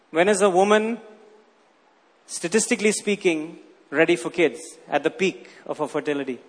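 Man, pastor, emphatic sermon, high voice, long hall echo. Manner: emphatic preaching, acts out quoted voices.

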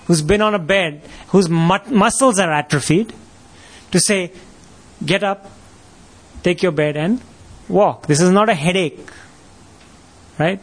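A man preaching a sermon, posing rhetorical questions and rising to emphatic peaks. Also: high-pitched.

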